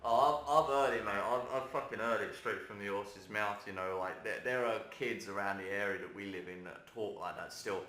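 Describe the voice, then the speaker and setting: A man's voice: on the low side, fairly quick, hardly any pauses. A young man chatting casually and animatedly while watching a game being played. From South London, England. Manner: animated, swearing, laughs easily. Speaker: gamer co-host. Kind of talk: casual gaming chat. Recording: roomy room, game music behind.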